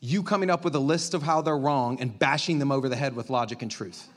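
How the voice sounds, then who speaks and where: A male pastor preaching a sermon in an animated, conversational way, swinging from loud to quiet. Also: medium pitch, fast.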